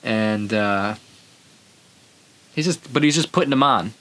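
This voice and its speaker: A man's voice: fairly low pitch, a little slow, sharp tone. A man hosting a podcast, telling a story in a rambling, casual way and acting out the quotes. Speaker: podcast host.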